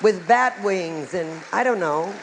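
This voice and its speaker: A woman's voice: fairly low pitch, expressive, takes it slowly, crowd noise, background noise. A middle-aged woman, a psychic, giving a live talk to a group with frank, wry, humorous storytelling.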